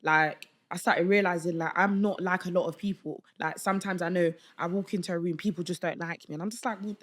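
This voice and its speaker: A young woman, a podcast guest telling a story in casual chat, animated and slangy, acting out the voices of people she quotes. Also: fairly low pitch, brisk. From London.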